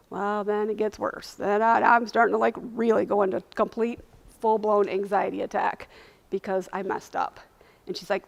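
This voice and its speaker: Woman, earnest storyteller, animated retelling, lunch talk speaker. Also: mid-range voice, normal speed, gravelly. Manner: earnest, animated retelling, acting out quoted voices. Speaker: invited speaker sharing lived experience.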